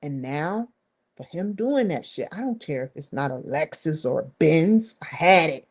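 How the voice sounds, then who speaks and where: A woman's voice: low voice, expressive, a little slow. A woman talking to the camera in a rambling, candid vlog monologue, swearing freely and leaning hard on stressed words. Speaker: vlogger.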